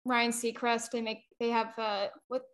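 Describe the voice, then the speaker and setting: A woman's voice: fairly high pitch, level tone, a little slow, a bit bright. A young woman co-hosting a podcast, chatting loosely with rambling, trailing thoughts. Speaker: podcast co-host. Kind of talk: casual podcast chat.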